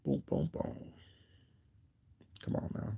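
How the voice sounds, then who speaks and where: A man's voice: slow, warm tone. A man hosting a livestream, chatting casually with his viewers in a rambling, repetitive way, often asking whether they know what he's saying. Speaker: livestream host.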